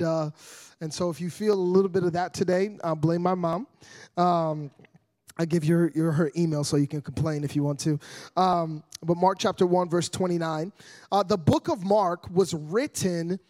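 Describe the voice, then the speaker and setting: A young man preaching a sermon as a guest evangelist, joking with the congregation and building up to loud, energetic preaching. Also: high voice, moderate pace.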